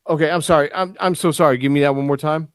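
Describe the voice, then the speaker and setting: A man's voice: a little high, steady tone, quick pace, clear, resonant tone, no echo. A man from the United States hosting a casual podcast roundtable, rambling and restarting his sentences. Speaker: podcast host.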